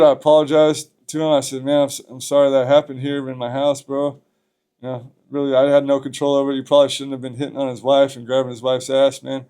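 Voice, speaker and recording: A man's voice: on the high side, darkish tone. A man, a podcast guest, telling a story from his past in a loose, profane, casual way.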